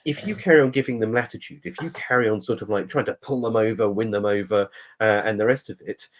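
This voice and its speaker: A man's voice: fairly low pitch, fast talker. A man co-hosting a casual podcast chat, talking through a point at length with plenty of ums and restarts. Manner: rambling, explanatory, many fillers. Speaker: podcast co-host.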